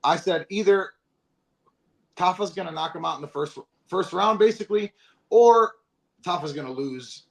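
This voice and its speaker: A man's voice: on the high side, moderate pace, vocal fry. A man co-hosting a fight recap podcast, cursing freely and cutting in with emphatic points in casual chat. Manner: profane, emphatic, interjecting. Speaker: podcast co-host.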